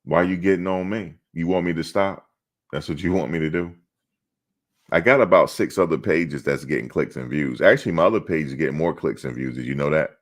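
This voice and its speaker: A man's voice: extremely low pitch, fairly quick. A middle-aged man hosting a sports channel, chatting casually on a live stream and answering his chat in a blunt, streetwise way.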